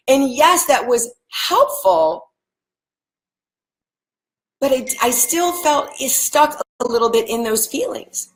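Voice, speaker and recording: A woman's voice: fairly high pitch, animated, slow pace. A woman giving a live spiritual talk, speaking earnestly and straight to her viewers and repeating phrases like mantras. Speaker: spiritual teacher. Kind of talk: live-streamed motivational teaching.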